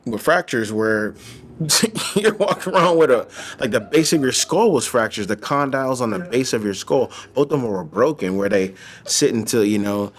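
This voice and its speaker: A physician assistant from the Midwestern United States talks in a casual conversation, loose and earnest, with plenty of filler words. His voice is mid-range and animated, at a moderate pace.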